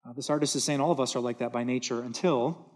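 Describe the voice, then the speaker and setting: A man's voice: medium pitch, fairly even intonation, fast talker, darkish tone. A man preaching a sermon from a church stage, earnest and emphatic, repeating words for stress. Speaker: pastor.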